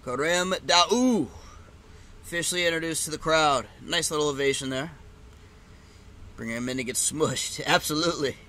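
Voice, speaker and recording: A man hosting a live reaction stream, giving casual play-by-play of a fight, swearing and breaking into shouts at big moments. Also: on the high side, steady tone, brisk.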